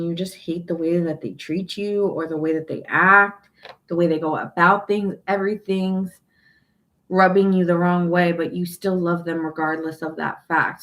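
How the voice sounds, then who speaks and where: A woman giving a casual tarot reading, talking in a chatty, emphatic way, restarting and repeating phrases and turning blunt and exasperated. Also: lowish voice. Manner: blunt and exasperated, swears in quoted asides. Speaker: tarot reader.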